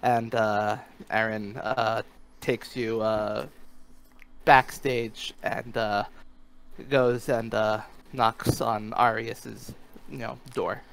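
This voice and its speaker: A man narrating a tabletop game as game master, halting and full of fillers. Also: on the low side, flat delivery, creaky, a bit bright, clear, resonant tone, poor audio. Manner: halting, full of "uh" and "you know".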